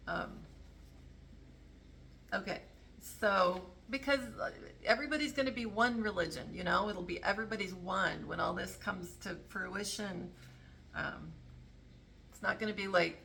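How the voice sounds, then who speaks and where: A woman's voice: medium pitch, vocal fry, pushed and bright, slight background noise. A woman talking casually to camera about politics, rambling and correcting herself as she goes. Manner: rambling, self-interrupting, earnest. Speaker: political commentary vlogger.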